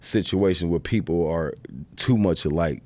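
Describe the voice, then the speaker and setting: A man's voice: low voice, moderate pace, darkish tone. A man guesting on a podcast in casual chat, rambling and checking in with the listener often. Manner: rambling, repeats "you know what I'm saying".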